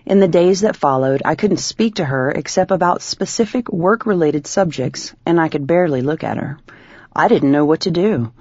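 A woman reading her own first-person testimonial in a steady, earnest way. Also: low-pitched, normal speed, breathy edge, dry recording. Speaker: small business owner telling her story. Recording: dull lo-fi, dry sound.

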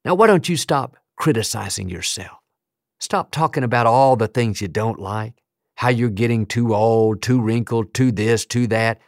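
A man's voice: mid-range voice, normal speed, gravelly, no echo, studio quality. A man preaching a sermon as pastor, emphatic and building rhythmic lists of declarations.

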